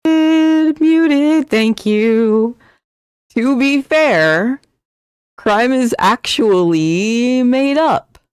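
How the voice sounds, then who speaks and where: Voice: mid-range voice, expressive, very slow, clear, resonant tone, dry recording, studio quality. A co-host on a livestream chatting casually, with sarcastic offhand asides. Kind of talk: casual chat.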